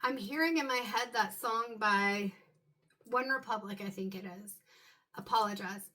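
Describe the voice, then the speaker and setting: A woman giving an intuitive tarot reading to her viewers, talking in a loose, musing way and filling pauses with "um" and "like". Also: a little high, bright, forceful tone. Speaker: tarot card reader.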